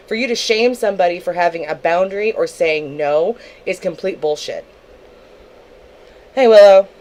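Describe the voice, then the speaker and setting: In a rough recording with a little background noise, a young woman with a mid-range, darkish voice goes on an angry livestream rant aimed at another streamer. She curses heavily and confronts him head-on.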